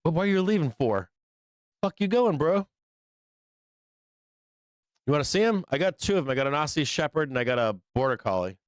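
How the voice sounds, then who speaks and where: A man's voice: a little high, expressive, fairly quick, pauses often, dry recording, studio quality. Profane, rambling male stream host. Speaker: livestream trading show host. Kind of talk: casual livestream chat.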